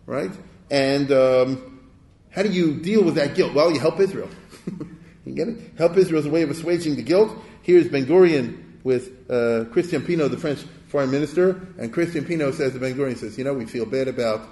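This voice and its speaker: A man's voice: a little high, moderate pace, warm tone. Older man lecturing in an echoey room. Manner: chatty, rhetorical, keeps checking "you understand?". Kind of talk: informal history lecture.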